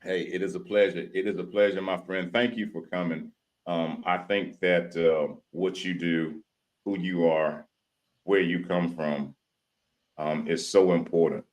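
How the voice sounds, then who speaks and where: A man's voice: sits low, fairly even intonation. Hyped-up man hosting live. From Louisiana. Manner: hyped chanting intro, drawn-out shouting; folksy casual talk with country slang. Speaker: podcast host. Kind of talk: live stream talk show.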